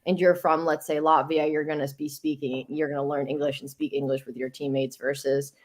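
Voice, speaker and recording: A woman's voice: deep voice, level tone, fairly quick, darkish tone. A young woman, a podcast guest, chatting casually and telling stories with lots of fillers and laughter. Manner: chatty storytelling with frequent likes and laughs. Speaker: guest, Olympic hockey player.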